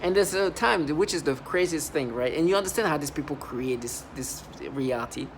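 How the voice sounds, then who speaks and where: Speaking expressively and a little fast, this accented man has a voice on the high side, with slight background noise behind him. He's a vlogger recounting his workplace experiences in a long, rambling, emphatic story that keeps restarting.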